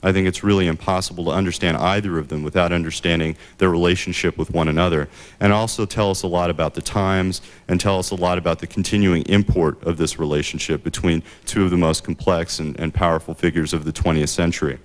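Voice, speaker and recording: A man giving a prepared book talk, measured and full of "uh" fillers and restarts. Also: deep voice, fairly even intonation. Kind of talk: prepared lecture.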